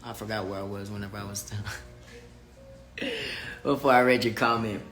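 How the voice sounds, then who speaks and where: A man's voice: fairly low pitch, moderate pace, echoey room, soft background music. Candid, profane man chatting to viewers. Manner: candid, profane, animated and emphatic. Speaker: vlogger talking live to viewers. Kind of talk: casual livestream chat, reading comments.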